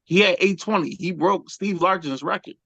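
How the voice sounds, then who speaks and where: A man's voice: high-pitched, normal speed, bright, forceful tone, poor audio. A man co-hosting a sports talk show, arguing heatedly and cutting in with "hold on.". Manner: interrupts, repeats "hold on".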